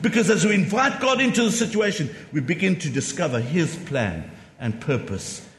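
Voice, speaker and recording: Lively male preacher in an echoey hall. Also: a little high, normal speed, a little hiss or hum. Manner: emphatic, repeats key lines, asks rhetorical questions. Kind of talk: sermon. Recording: echoey hall with long reverb.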